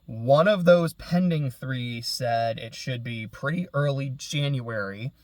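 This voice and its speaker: A young man talks casually and alone, drifting from one thought to the next and doubling back to fix his words. His pitch sits in the middle, and his sentences often fade soft at the end. The sound is dry and close, with no room echo. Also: takes it slowly. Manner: rambling, self-correcting, trails off quietly. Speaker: podcast host. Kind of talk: casual solo chat.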